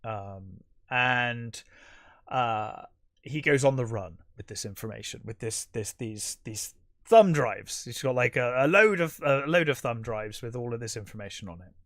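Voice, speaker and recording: A man's voice: medium pitch, expressive, unhurried, fairly bright tone, dry recording, studio quality. A man co-hosting a podcast, recapping a film plot in casual chat, rambling with many fillers and restarts. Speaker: podcast co-host.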